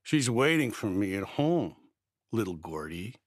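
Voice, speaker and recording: A man's voice: on the low side, very animated, unhurried, no room sound, studio quality. A man voicing a drunk, bearded man in his thirties who leers and mocks with sneering swagger. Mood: leering.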